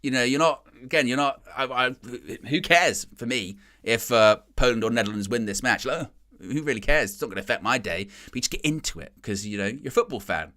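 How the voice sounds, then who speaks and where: A man chatting casually and rambling excitedly about football on a fan channel's live stream, laughing often. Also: mid-range voice, fairly quick. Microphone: headset.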